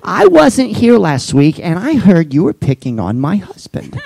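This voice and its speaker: A woman's voice: fairly low pitch, wildly swooping pitch, measured pace, creaky, warm tone, husky, heavily acted. A man doing a bossy older Boston woman. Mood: scolding. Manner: bossy, scolding. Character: stern older churchgoing woman, scolding.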